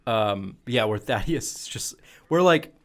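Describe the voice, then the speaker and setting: A man co-hosting a gaming podcast in relaxed casual chat, often acting out quotes from a show. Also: mid-range voice, a little slow. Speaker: podcast co-host.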